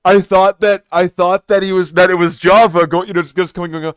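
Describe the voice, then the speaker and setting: A man streaming who tells a story in a casual, animated way, swearing and restarting his sentences. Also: high voice, brisk, few pauses, clean tone, dry recording, studio quality.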